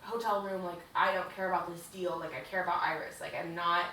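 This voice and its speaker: A brooding, lovesick young businessman, as a woman puts him on speaks low and earnestly. The room is echoey and the mic sits some way off. A faint hiss runs under the voice. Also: fairly even intonation, fairly quick, pushed and bright, far from the mic. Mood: desperate.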